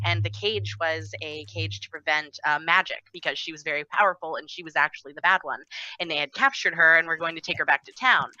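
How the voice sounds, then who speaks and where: A woman game master telling a story on a panel, candid and loose with her fillers. Her voice is low for a woman and bright in tone. It comes through a slightly dull, lo-fi mic. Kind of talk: casual storytelling.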